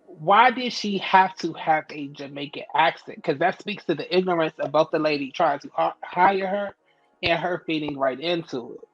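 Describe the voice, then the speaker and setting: High-voiced man with sassy asides. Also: moderate pace, muffled recording, faint music behind. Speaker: podcast co-host. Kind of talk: casual TV recap chat.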